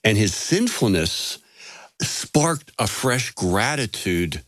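A man's voice: fairly low pitch, very animated, slow pace, a bit bright, no room sound. A man in his sixties, an author guest in a casual interview, telling stories with self-deprecating humor.

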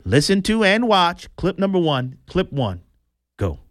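Animated man hosting political commentary. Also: high-pitched, unhurried, dry recording, studio quality. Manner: animated, chatty, amused.

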